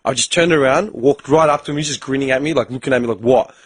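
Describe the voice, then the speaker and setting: A man's voice: medium pitch, quick pace. A young man hosting a casual podcast chat, telling stories in a blunt, profane way. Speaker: podcast host.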